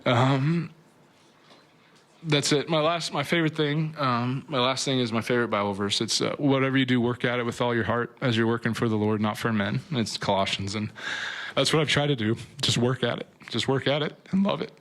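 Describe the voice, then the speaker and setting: Guy giving a farewell speech at a podium, halting, trying not to cry. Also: medium pitch, fairly bright tone. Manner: halting, many ums, holding back emotion. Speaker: retiring pitcher at press conference.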